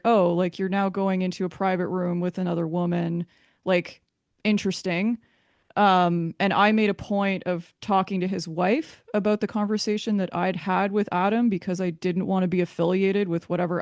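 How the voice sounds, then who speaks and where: A woman tells her story to an interviewer in a hesitant, candid way, restarting her sentences often. Her voice is smooth and clear, with little rise and fall, and the recording is dry and close. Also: mid-range voice, darkish tone, dry recording. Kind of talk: candid personal account.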